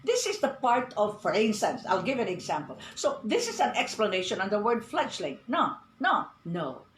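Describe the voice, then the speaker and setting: Woman English tutor, emphatic and animated, in a roomy space. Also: medium pitch, normal speed. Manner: emphatic, repeats "no, no" when correcting. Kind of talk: radio-style online English lesson. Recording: echoey room with faint ambient noise.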